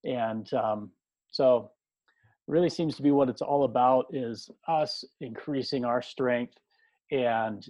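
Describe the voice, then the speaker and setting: Man, gravelly, relaxed chat, dull dry recording. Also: medium pitch, dry recording. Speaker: co-host. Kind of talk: casual chat.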